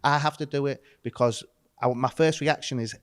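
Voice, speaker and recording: A man's voice: medium pitch, fairly even intonation, normal speed, dry recording. A man speaking as a pastor guest on a podcast, earnest and reflective. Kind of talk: casual discussion.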